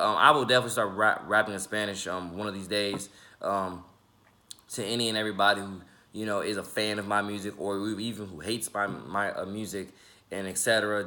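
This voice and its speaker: A young man in his twenties talks loosely to his viewers in a deep voice. His tone has a bright, forward edge, and he rambles, trips over his words and fills gaps with ums and repeats. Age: 20s. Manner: rambling, stumbles and repeats words, many fillers. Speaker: independent rapper and YouTuber. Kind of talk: casual vlog talk to the camera.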